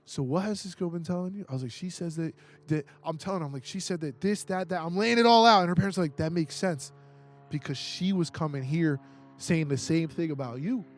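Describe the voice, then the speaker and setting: A young man on a podcast recording indoors tells a story with plenty of profanity, performing other people's lines and repeatedly restarting what he's saying. His voice is on the high side and fairly quick.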